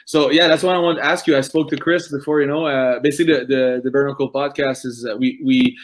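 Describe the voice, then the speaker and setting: A man's voice: mid-range voice, steady tone, quick pace. A man hosting a casual interview podcast, who keeps searching for words with many restarts and "uh"s. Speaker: podcast host.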